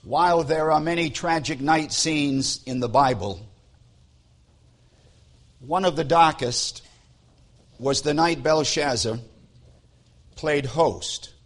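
A man preaching a sermon and retelling a scripture story in a deliberate, solemn way. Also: medium pitch.

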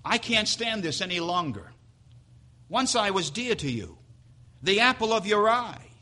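A man's voice: high voice, animated, a little slow, sharp tone, voice pushed up, exaggerated voice. A man voicing a heartbroken, tearful middle-aged wife pleading with her husband.

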